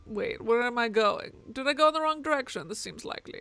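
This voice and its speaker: A young woman streaming a playthrough from her home setup, reacting with animated, profane commentary and reading the game text out loud. Her voice sits fairly high and comes out bright with a gravelly, fried edge. The close desk mic makes it sound dry and intimate, with no room echo. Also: a little fast, few pauses. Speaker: gaming streamer. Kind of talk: let's play commentary.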